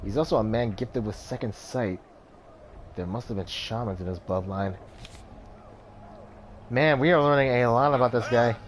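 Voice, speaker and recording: A man's voice: mid-range voice, normal speed, long pauses. A man hosting a let's play, reading the game's narration and chatting casually with apologetic asides. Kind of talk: reading a game aloud with casual commentary. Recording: game music underneath.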